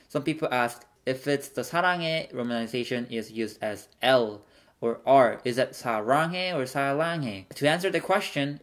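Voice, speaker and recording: A man giving a language lesson in a patient, steady way. He breaks words into single sounds and repeats them slowly so learners can follow. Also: mid-range voice. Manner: patient, demonstrates syllables slowly one by one. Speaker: Korean language teacher.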